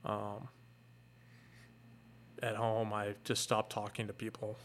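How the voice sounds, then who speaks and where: A middle-aged man, a fire captain, earnestly retelling a painful personal story in a candid, halting way. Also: fairly low pitch, completely flat delivery.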